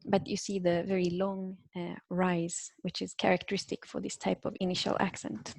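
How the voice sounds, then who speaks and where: A woman's voice: fairly low pitch, little pitch movement, normal speed, creaky, no room sound. A woman giving an academic talk over a video call, hesitant, with many fillers and restarts. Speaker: invited linguistics speaker. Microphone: computer microphone on a video call.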